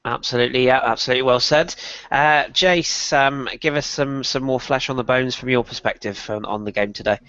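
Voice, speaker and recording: A man's voice: mid-range voice, steady tone, a bit bright, clean tone, no room sound, dull audio. A man hosting a casual football podcast over an online call, with a cold, joking and laughing easily. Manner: jokey, quick to laugh. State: has a cold. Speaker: podcast host.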